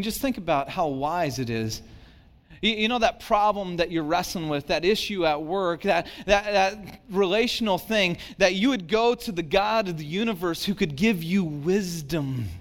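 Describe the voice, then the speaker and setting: A man, a pastor, giving a conversational sermon, self-deprecating and acting out the voices of worried people. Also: high-pitched.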